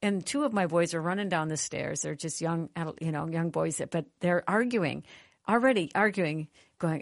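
Low-voiced woman telling a faith story. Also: normal speed, vocal fry, dry recording. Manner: earnest, conversational, animated in retelling. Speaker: Christian radio host and author. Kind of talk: personal storytelling with spiritual teaching.

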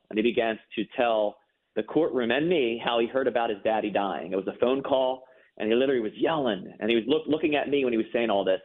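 A man telling his personal story as an interview guest, earnest and emphatic, repeating words when moved. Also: mid-range voice. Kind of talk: personal testimony in a faith interview. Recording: phone-line audio.

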